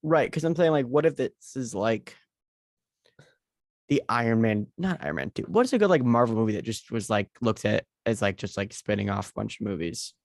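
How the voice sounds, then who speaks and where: A man's voice: fairly low pitch, brisk, gravelly, no echo, clean studio sound. A man co-hosting a podcast in casual chat, rambling and hesitant with many fillers, talking over a video call. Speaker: podcast co-host.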